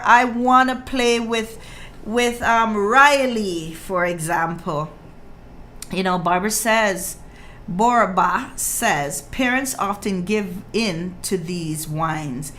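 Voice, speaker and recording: A woman in her fifties hosting a radio talk show about parenting, playful and animated, often acting out her child's voice. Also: medium pitch, slight background noise.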